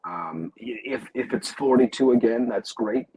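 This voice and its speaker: A man who works as an audiobook narrator, answering interview questions in a halting way, with many fillers and restarts. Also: mid-range voice, mellow, husky, rough recording.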